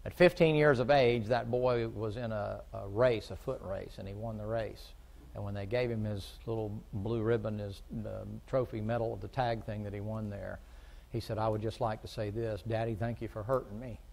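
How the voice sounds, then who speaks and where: A middle-aged man preaching a folksy sermon, shifting from quiet storytelling to loud, fervent preaching. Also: on the low side, steady tone, normal speed, gravelly.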